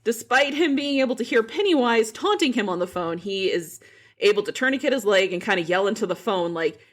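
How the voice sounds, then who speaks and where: A woman's voice: mid-range voice, lively intonation, fairly quick. A woman podcast host recapping a book in casual chat, frank and profane.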